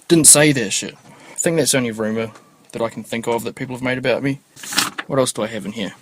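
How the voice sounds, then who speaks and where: A man's voice: mid-range voice, quick pace, background noise. A man hosting a casual solo podcast, rambling offhandedly and swearing freely. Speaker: podcast host.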